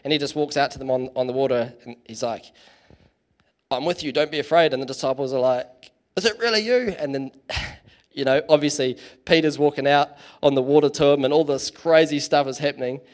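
A man's voice: medium pitch, level tone, a little fast, a little mellow. A man giving a casual, chatty sermon in church, full of fillers and self-deprecating asides. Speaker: preacher.

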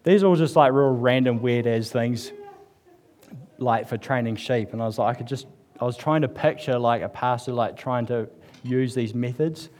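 A New man preaches at a church service in a loose, conversational way, joking with the congregation and sprinkling his talk with fillers. His voice sits at an ordinary middle pitch. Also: normal speed, a little mellow. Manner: chatty and joking, with frequent fillers. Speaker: church speaker. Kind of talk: casual humorous sermon.

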